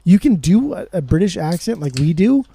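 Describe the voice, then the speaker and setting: A man co-hosting a music podcast, talking excitedly in casual chat and swearing often. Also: high voice, husky. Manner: excitable, swears a lot, fast bursts. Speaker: podcast co-host.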